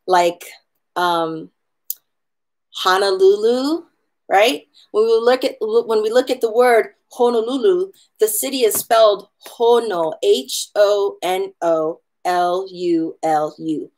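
Chatty woman teaching an online hula class. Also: mid-range voice. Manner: chatty and encouraging, slows to spell out letters. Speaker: hula instructor. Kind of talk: online class lesson on pronunciation.

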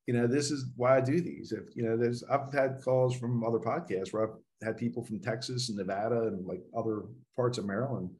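A middle-aged man, a guest on a podcast. He rambles through his stories with plenty of "like" and "you know," chuckling along the way. His voice is at an ordinary middle pitch. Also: steady tone, a little fast, few pauses, a little mellow. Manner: rambling, filler-heavy storytelling, chuckles often. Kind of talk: casual storytelling in an interview.

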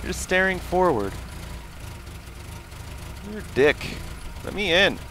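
A young man giving casual gameplay commentary, goofy and swearing, who often jumps into high excited yelling. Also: unhurried, pauses often, slight background noise, low-quality recording. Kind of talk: casual let's-play commentary.

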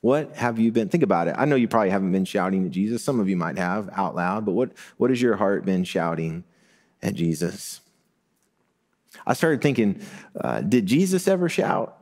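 A middle-aged male pastor giving a sermon, talking in a relaxed, conversational way that builds to emphatic moments. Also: lowish voice, moderate pace. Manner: conversational preaching with rising emphasis and light laughs.

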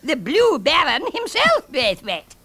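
A man's voice: very high-pitched, wildly swooping pitch, unhurried, background noise, voice pushed up, heavily acted. A man voicing a hearty British fighter-pilot captain with an upper-class English accent and old-fashioned exclamations. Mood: jolly.

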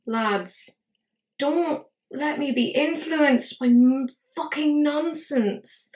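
A woman's voice: high voice, slow pace, darkish tone, rough recording. Chatty woman in her thirties, swearing. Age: 30s. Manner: chatty, swears freely, talks to herself while working. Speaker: beauty vlogger. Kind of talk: casual makeup tutorial chat.

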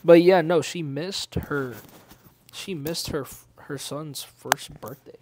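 A man's voice: a little high, slow, a little mellow. A young man co-hosting a podcast, telling stories in loose slangy casual chat. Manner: laid-back slangy storytelling, says "bro" and "dude" a lot. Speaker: podcast co-host.

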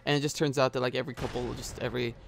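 A man's voice: medium pitch, flat delivery, very fast, creaky, a little hiss or hum. A man giving casual gameplay commentary as a gaming YouTuber, rambling with many filler sounds and swearing at the game, recorded on a headset mic.

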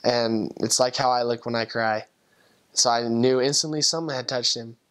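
A man's voice: medium pitch, fairly even intonation, fairly bright tone. Earnest young man telling a testimony. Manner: earnest and emotional, with halting restarts. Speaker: returned missionary. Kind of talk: personal testimony storytelling.

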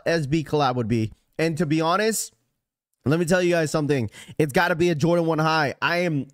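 A man hosting a sneaker podcast livestream, talking in a casual, animated, joking way as he rants to his chat. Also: a little high, no echo, studio quality. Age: adult.

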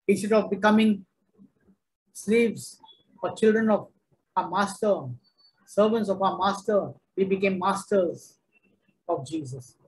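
A man's voice: high-pitched, unhurried, long pauses, rough recording. A man preaching a sermon, emphatic and repetitive, driving each point home.

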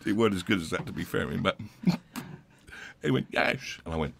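A man's voice: sits low, lively intonation, fairly quick, creaky, slight background noise. A middle-aged man, a podcast guest telling a rowdy, swearing anecdote and acting out the other people's voices. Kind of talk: storytelling anecdote.

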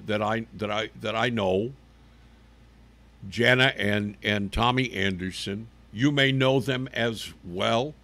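A man's voice: medium pitch, a bit bright. An older man hosting a live talk show from his living room, folksy and rambling, often repeating his words.

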